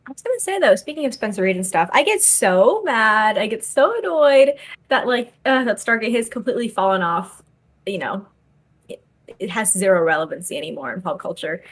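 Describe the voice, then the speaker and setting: A woman's voice: medium pitch, lively intonation, moderate pace, fairly bright tone. A young woman co-hosting a podcast, talking in casual slang and laughing often. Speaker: podcast co-host. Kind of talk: casual chat.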